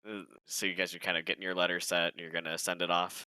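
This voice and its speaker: A man running a tabletop game as game master, in a relaxed, rambling way. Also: deep voice, quick pace, smooth, no room sound, poor audio.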